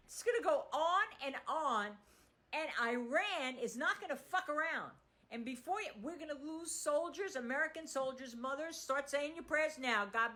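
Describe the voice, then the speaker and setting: A woman's voice: high-pitched, bright, forceful tone, a little hiss or hum. A woman giving a heated, profane political rant, sarcastic and furious in tone. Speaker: political commentator.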